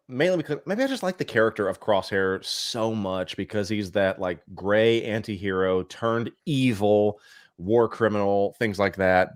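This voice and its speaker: A man's voice: lowish voice, no echo, studio quality. A man from Cincinnati, co-hosting a casual podcast chat, blunt and opinionated, swearing freely. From Cincinnati, USA. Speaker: co-host.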